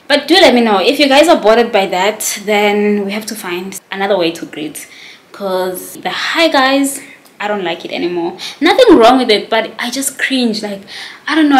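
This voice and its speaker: Chatty woman in an echoey room. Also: a little high. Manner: rambling, self-conscious, chatty. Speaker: vlogger. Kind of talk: casual vlog chat to camera.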